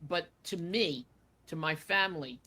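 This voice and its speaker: Bright-voiced woman telling stories. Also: lowish voice, a little slow. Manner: chatty, rambling with many fillers. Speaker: guest. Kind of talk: casual storytelling interview.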